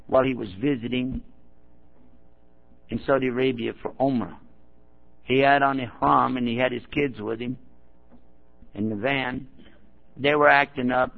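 A man preaching to a gathering, his voice gravelly and rough. He tells stories and acts out the people in them, and now and then he prods the listeners directly. The sound is thin and tinny, like a phone line. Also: mid-range voice. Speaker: Muslim preacher. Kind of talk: storytelling talk to an audience.

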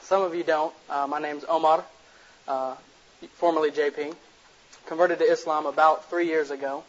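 A man with a slightly high voice speaks to a room as a lecturer, blunt and direct and fond of jokes. He talks casually into a microphone. The recording sounds dull and lo-fi. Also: steady tone, normal speed. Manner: blunt, direct, jokey storyteller. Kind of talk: casual public lecture to an audience. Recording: muffled lo-fi recording.

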